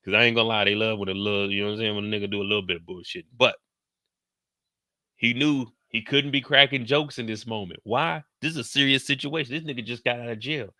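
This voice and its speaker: Recorded clean in a studio with no room sound, a medium-pitched man hosts a laid-back TV recap. He spins it as a story full of slang, performs what people said in put-on voices, and moves slower than in his live streams.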